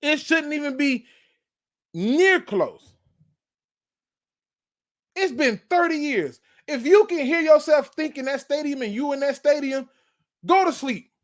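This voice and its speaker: A man's voice: very high voice, animated, unhurried, pauses often. Fired-up man ranting about football. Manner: fired-up, preachy, repeats points. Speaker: sports channel host. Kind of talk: fan sports rant.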